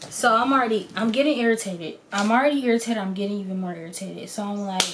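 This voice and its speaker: Blunt, animated young woman telling a story. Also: mid-range voice, quick pace, hardly any pauses, a little hiss or hum. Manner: animated and blunt, acting out quotes. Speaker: vlogger. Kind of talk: casual storytime.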